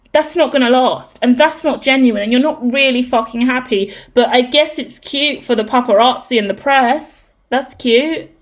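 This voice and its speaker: A woman with a slightly high voice talks through a tarot reading in a loose, unscripted way. She is emphatic and swears freely, and she often drifts into ranting asides. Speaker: tarot reader. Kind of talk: casual tarot reading monologue.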